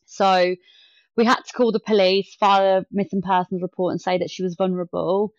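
A woman's voice: medium pitch, fairly quick, no echo. A woman, a podcast guest telling a story in casual chat and acting out the quotes. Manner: animated retelling with acted-out quotes. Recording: dull lo-fi dry sound.

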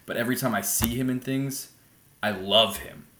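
A man chatting as a podcast guest about films, ranting in an animated, opinionated way into a laptop mic. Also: mid-range voice, normal speed, reverberant. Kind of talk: casual film chat. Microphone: laptop built-in mic.

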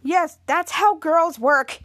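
A woman's voice: very high-pitched, slow pace, fairly bright tone, dry recording, clean studio sound, voice pushed up, full character voice. A woman voicing a polite but firm teenage girl, matter-of-fact.

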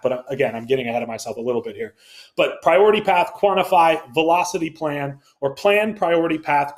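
A man coaching salespeople in a casual podcast monologue, talking energetically with lots of fillers and quick self-corrections. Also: medium pitch.

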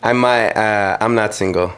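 A man's voice: lowish voice, normal speed, clear, resonant tone. A man, a guest on a chat show, giving laid-back, brief replies. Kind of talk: casual chat. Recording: loud noisy background.

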